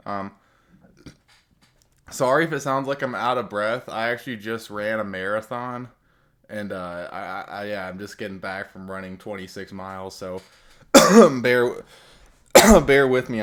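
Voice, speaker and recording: A man with a somewhat low voice talks through game updates in a loose, rambling way. He piles on slang and filler words as he goes. It sounds like relaxed, casual commentary from a gaming content creator.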